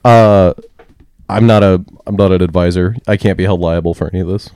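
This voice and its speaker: Deep-voiced man ranting profanely. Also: steady tone, a little fast, a little mellow, clean tone, no echo. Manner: profane, blunt, exasperated ranting. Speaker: podcast co-host with a crypto segment. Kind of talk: casual ranting chat.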